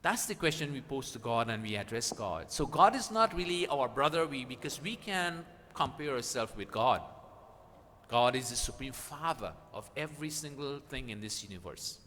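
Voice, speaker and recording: A man's voice: mid-range voice, expressive, normal speed, sharp tone. A man teaching at a satsang, earnestly explaining Sanskrit verses and asking emphatic rising questions. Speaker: spiritual teacher. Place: gathering hall at a weekly satsang. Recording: reverberant hall with faint background noise.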